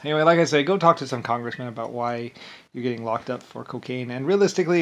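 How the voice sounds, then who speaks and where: A man's voice: mid-range voice, fast. A man delivering an angry, rambling monologue, swearing often, repeating himself and restarting his sentences. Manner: profane, repetitive, ranting with many restarts. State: agitated and angry. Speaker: vlogger.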